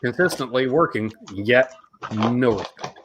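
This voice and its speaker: A Canadian man hosting a casual live-stream chat, animated and jokey with quick asides. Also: mid-range voice, heavy background noise. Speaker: host.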